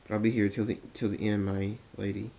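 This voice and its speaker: A man voicing a polite, sly male demon pony servant who speaks calmly and stumbles over words. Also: lowish voice, a little fast, gravelly, a little hiss or hum. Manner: courteous, calm, stammering.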